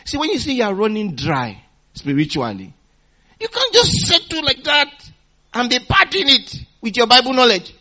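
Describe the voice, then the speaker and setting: A man preaching a sermon in a call-and-response manner, repeating phrases for emphasis and swinging between loud exhortation and quiet teaching. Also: extremely high pitch, huge pitch swings, normal speed, highs cut off.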